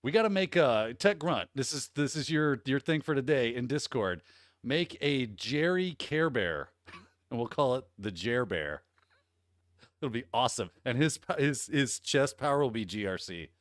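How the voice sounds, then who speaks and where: A man's voice: mid-range voice, expressive, moderate pace, dry recording, clean studio sound. A man from the Midwest of the US hosting a casual livestream. He talks in an upbeat, rambling way and greets viewers by name. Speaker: host.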